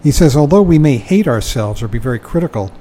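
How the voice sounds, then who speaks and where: A man's voice: medium pitch, lively intonation, fast, mellow, a little hiss or hum, low-quality recording. An older man giving a dharma talk, reading from a book and commenting in a conversational way, often chuckling and saying "you know".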